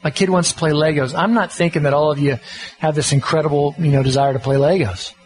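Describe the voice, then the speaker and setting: Middle-aged pastor guy, slightly high voice, folksy chatty sermon. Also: steady tone, fast talker, darkish tone, faint music behind, rough recording. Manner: folksy, conversational, self-deprecating. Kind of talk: sermon on parenting.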